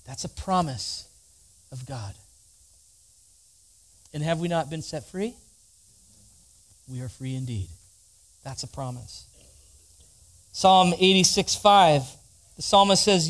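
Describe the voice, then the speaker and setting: A man's voice: fairly high pitch, unhurried, long pauses. A man preaching a sermon, reading scripture aloud and leading the congregation in spoken responses. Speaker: pastor.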